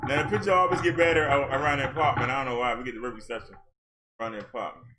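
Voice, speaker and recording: A man's voice: mid-range voice, steady tone, very fast, very noisy. A man vlogging in a loose, chatty way, repeating himself and talking straight to his viewers on a helmet-mounted camera. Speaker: vlogger and minister. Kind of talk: casual chat to viewers.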